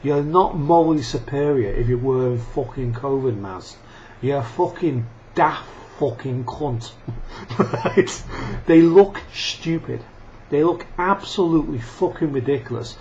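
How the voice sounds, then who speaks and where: A vlogger rants angrily into the camera in a profane monologue, swearing often and laughing and coughing between outbursts. His voice is on the high side and a little mellow, and the lo-fi audio sounds dull with faint noise.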